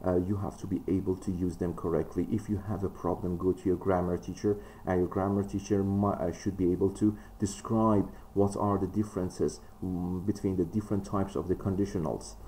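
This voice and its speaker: Low-voiced man teaching with many fillers. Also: flat delivery, a little fast, hardly any pauses, mellow, slight background noise. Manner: frequent fillers, emphatic rises in pitch. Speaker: English test teacher. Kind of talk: spoken lesson.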